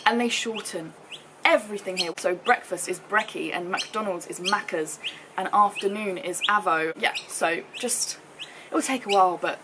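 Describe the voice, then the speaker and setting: A woman's voice: mid-range voice, noisy background. Chatty young British woman, travel vlog. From United Kingdom. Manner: chatty and upbeat, lots of likes and fillers. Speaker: travel vlogger. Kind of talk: casual chat to camera. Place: outdoors in the sun, later indoors.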